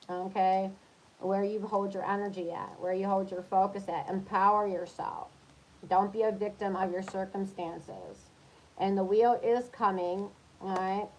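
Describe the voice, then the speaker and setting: A woman's voice: mid-range voice, slight background noise, rough recording. A woman who is a tarot reader, giving a casual reading for zodiac signs in a chatty, coaching tone and checking in often with her listeners.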